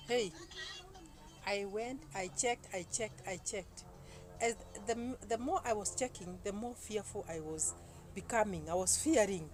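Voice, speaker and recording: A woman, telling a story to camera in an animated way, full of exclamations. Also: medium pitch, moderate pace, soft background music, poor audio. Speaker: YouTuber. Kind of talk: casual talk to camera. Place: indoors, seated. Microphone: phone camera.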